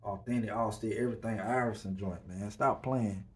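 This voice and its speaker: A man's voice: lowish voice, fairly even intonation, moderate pace. A man hosting a casual podcast, talking loosely with lots of slang and fillers. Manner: laid-back, loose slang, filler-heavy. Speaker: podcast host. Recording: voice a bit far from the mic.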